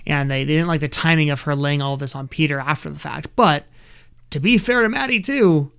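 A man's voice: a little high, a little fast, vocal fry, a bit bright, clean tone. A man co-hosting a podcast, giving earnest opinions on a show in casual chat. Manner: opinionated, earnest, with frequent fillers. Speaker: podcast co-host.

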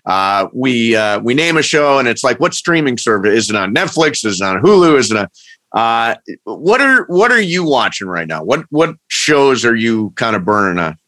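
A man hosting a relaxed conversation, playful and teasing in tone. His voice sits close and dry with no room sound around it. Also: medium pitch, moderate pace, no room sound. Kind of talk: casual chat.

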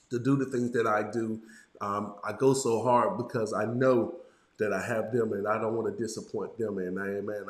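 A middle-aged male pastor delivering a sermon, congested and a little nasal from illness, slightly raspy, dropping "amen" after nearly every line. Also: lowish voice, roomy sound. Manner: punctuates lines with "amen".

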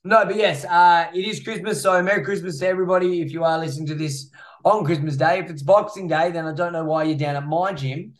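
A man's voice: a little high, fairly even intonation, quick pace. Swearing, rambling podcast host man. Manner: rambling, swears a lot, fillers. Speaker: podcast host, gym owner. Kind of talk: casual podcast chat.

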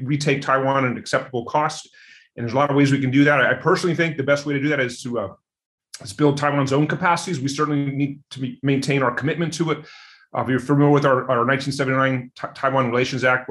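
A man answering interview questions quickly, with many fillers and repeated words. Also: mid-range voice, a bit bright. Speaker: interview guest, security expert.

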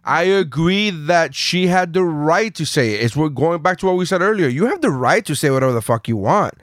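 A man co-hosting a casual podcast, swearing freely and telling stories with animated energy. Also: a little high, brisk, no echo, studio quality. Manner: profane, animated storytelling. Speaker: podcast co-host. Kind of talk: casual chat.

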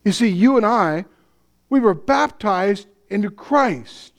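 A man with a high voice preaches a sermon at an unhurried pace. He is deliberate and emphatic and poses rhetorical questions to his listeners. On solemn points he sinks low and soft. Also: animated.

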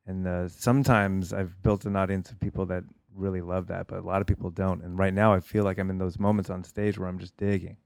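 A man's voice: low voice, flat delivery, fairly quick, creaky, hardly any pauses, darkish tone. A man co-hosting a podcast, rambling in a casual, self-deprecating way and laughing often. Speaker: podcast co-host and stand-up comic.

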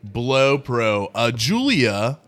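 A man's voice: medium pitch, very animated, very slow, a bit bright. A man co-hosting a casual beer-tasting chat, swearing and laughing as he stumbles through reading labels. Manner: laughing, profane, bumbling label reader.

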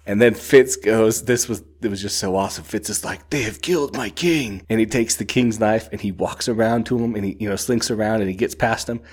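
A man's voice: lowish voice, fairly even intonation, a little fast, few pauses, a little mellow, breathy edge. Enthusiastic man gushing about a book. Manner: enthusiastic, rambling, many "like"s. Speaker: book reviewer. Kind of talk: casual book discussion.

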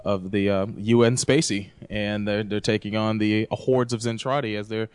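A man's voice: lowish voice, fairly even intonation, moderate pace, clear, resonant tone, dry recording. A man hosting a casual podcast chat, talking in a laid-back, rambling way with many fillers. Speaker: podcast host.

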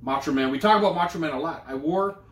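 Echoey, higher-voiced loose-talking man. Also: fast, a bit bright, recorded from a distance. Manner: loose, swearing, riffing. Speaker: podcast co-host. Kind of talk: casual chat. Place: room streamed live.

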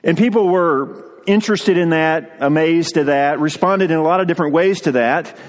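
A man's voice: on the high side, normal speed, big-room sound. A male pastor preaching a sermon in an earnest way, often repeating words as he goes.

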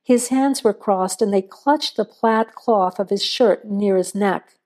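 A woman narrating a suspense story in a measured, suspenseful reading. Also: mid-range voice, dark tone.

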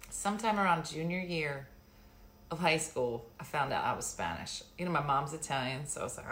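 Chatty woman with a lowish voice. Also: animated, fast talker, fairly bright tone. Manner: rambling, chatty, laughs often. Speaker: livestream host. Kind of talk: casual live-stream chat.

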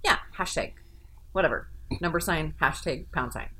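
A woman's voice: low-pitched, lively intonation, normal speed, bright, forceful tone, slight background noise. A woman in her forties, a stand-up comic, chatting casually and joking with frequent laughter. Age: 40s. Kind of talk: casual podcast chat.

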